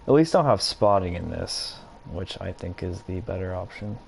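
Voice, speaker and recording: A man's voice: low-pitched, expressive, moderate pace, creaky, a little hiss or hum. A man from the US South hosting a casual gaming stream, rambling and thinking aloud as he plays. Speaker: streamer host.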